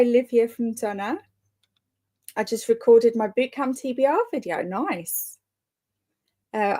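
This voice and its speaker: A woman's voice: mid-range voice, darkish tone. A woman hosting a live reading sprint, chatting casually and greeting commenters by name, often laughing. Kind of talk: casual live-stream chat.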